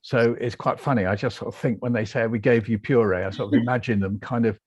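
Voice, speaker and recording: A British man, a guest author, telling his story in a lively interview and acting out the voices he quotes. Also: medium pitch, fast talker, slightly rough, no room sound, highs cut off. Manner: animated, acts out quoted voices.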